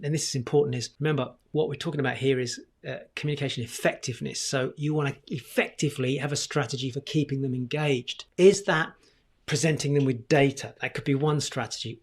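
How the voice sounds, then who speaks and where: A man teaching communication skills straight to camera, energetic and conversational, often posing questions. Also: mid-range voice, breathy edge. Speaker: communication coach.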